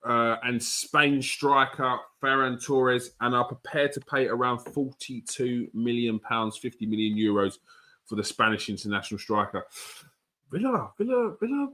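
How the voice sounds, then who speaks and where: Football podcast host, relaxed and thoughtful, bright clear tone. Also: male voice, mid-range voice, normal speed. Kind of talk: casual football chat.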